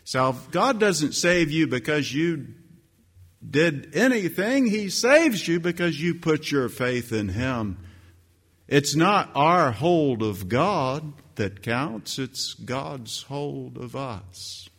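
A husky-voiced man with lively intonation takes his time preaching a sermon as pastor. His emphatic delivery leaps up in pitch and loudness on key phrases and scripture quotes, all under a long hall reverb.

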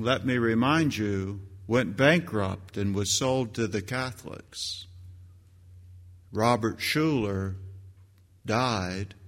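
A man preaching a sermon as pastor, emphatic, with his voice leaping up on key phrases. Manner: emphatic preaching that leaps higher and louder on scripture quotes. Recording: long hall reverb.

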